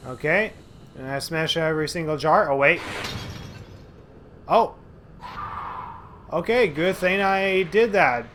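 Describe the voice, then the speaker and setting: Halting, rambling man commenting on a game. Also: fairly high pitch, noisy background. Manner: rambling, halting, many fillers and restarts. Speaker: let's play host. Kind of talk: casual gameplay commentary.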